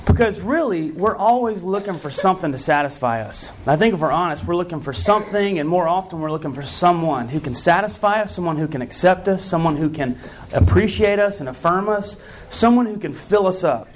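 A man's voice: high-pitched, lively intonation, fairly quick, a little hiss or hum. A man preaching a sermon as a pastor, telling stories in a conversational way with earnest emphasis.

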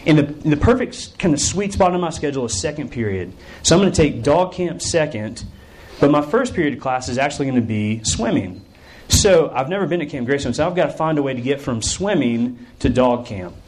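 Brief: male camp preacher, story-driven sermon, animated delivery. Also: slight background noise, poor audio. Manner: animated storyteller, lively shifts in pitch.

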